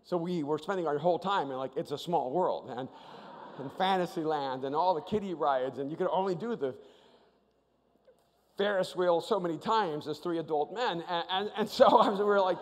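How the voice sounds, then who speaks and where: A man preaching a sermon as an animated storyteller, often repeating his first words playfully. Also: fairly high pitch, moderate pace. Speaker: pastor. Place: church auditorium with live audience. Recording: long reverb of a large hall.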